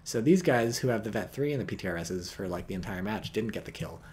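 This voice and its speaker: Wry low-voiced man casting a game. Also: animated, quick pace, darkish tone. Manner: wry, joking, rambling asides while reading chat. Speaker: streamer casting a strategy game match. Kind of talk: live stream game commentary.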